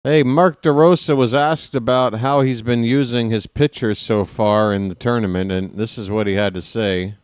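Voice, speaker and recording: A man doing casual fan play-by-play commentary for a baseball game, chatting with wry asides and erupting with excitement on big hits. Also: medium pitch, moderate pace, few pauses, clear, resonant tone, no room sound, studio quality.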